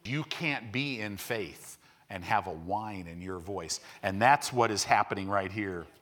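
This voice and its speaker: A middle-aged male pastor preaching a sermon, shifting from quiet explanation to loud, fervent exhortation and leading the congregation in call-and-response. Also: fairly low pitch, measured pace.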